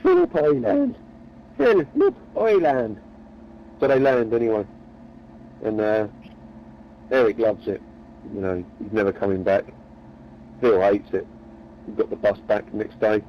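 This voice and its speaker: A man's voice: lowish voice, flat delivery, moderate pace, pauses often, dull audio, a little hiss or hum. A man telling a long, rambling joke in a chatty, meandering way. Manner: meandering, chatty, repeats words. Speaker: storyteller.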